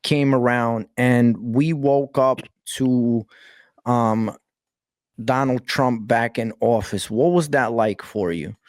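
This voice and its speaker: A man with a New York accent hosting a casual interview, relaxed and laughing often, with many hesitant fillers. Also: mid-range voice, slow, dry recording, studio quality. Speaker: host, interviewer.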